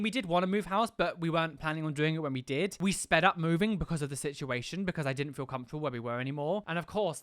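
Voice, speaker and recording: A man's voice: on the high side, a bit bright, no room sound, studio quality. A man talking candidly to camera as a YouTuber, exasperated and swearing freely in casual chat.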